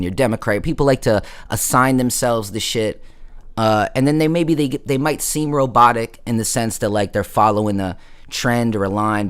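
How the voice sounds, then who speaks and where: A man's voice: medium pitch, clear, resonant tone. A man hosting a casual late-night stream, telling a story in a slangy, rambling way, full of fillers and asides. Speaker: livestream host.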